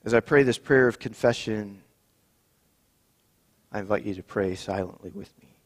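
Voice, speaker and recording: A man leading a communion service as pastor, reading Scripture and praying in a measured, solemn way. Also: fairly low pitch. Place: church sanctuary. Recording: long reverb in a church.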